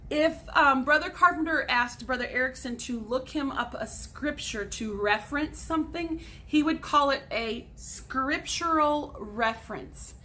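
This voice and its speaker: A woman's voice: high voice, a little slow, hardly any pauses, pushed and bright, a little hiss or hum. A woman in her forties, a sixth grade teacher, patiently explaining grammar step by step in a recorded lesson for students at home.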